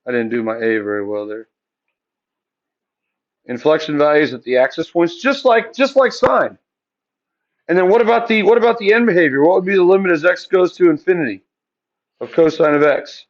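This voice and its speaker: A man's voice: on the high side, muffled recording. A male math teacher lecturing a classroom, asking the students questions and answering them himself.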